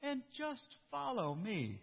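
A man voicing a patient divine voice that calls gently. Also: extremely high pitch, huge pitch swings, slow, creaky, voice pushed up, full character voice. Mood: gentle. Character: patient calling voice of God. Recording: dull echoey church hall.

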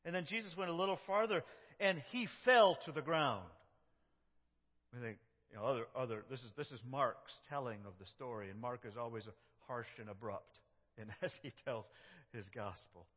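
A pastor preaching a sermon in a church, dramatic, moving from loud cries to hushed prayer. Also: male voice, medium pitch, normal speed. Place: church sanctuary. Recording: dull, echoey church sound.

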